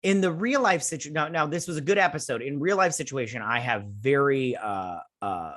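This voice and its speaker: A man's voice: medium pitch, moderate pace, fairly bright tone. A man hosting a casual show review, talking in a rambling way with many restarts and filler words.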